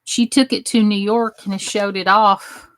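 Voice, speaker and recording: Chatting casually at a measured pace, a New Jersey woman hosts a crafting livestream and greets viewers by name while she works. Her medium-pitched voice stays fairly even, and there's no room sound.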